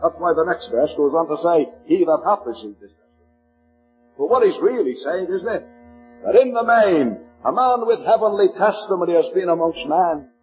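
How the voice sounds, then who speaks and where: High-voiced Liverpool preacher, lo-fi tape. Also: male voice, expressive, faint music behind. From Liverpool, England. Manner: slows to a measured cadence when reading scripture aloud. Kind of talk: sermon.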